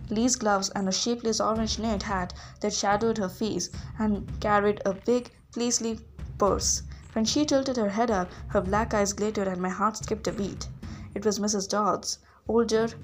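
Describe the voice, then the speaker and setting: Woman reading a kids adventure book, steady voice, faint hiss in the background. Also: medium pitch. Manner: steady storytelling, voicing characters. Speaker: reader. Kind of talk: audiobook reading.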